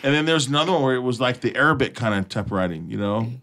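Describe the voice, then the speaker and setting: A male radio host in loose banter with his crew, his voice sitting at an ordinary, middling pitch. He rambles through stories with stops and restarts, cracks himself up, and swears without a second thought. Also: animated, fast talker, a bit bright. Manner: laughing, rambling, swearing freely. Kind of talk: casual chat.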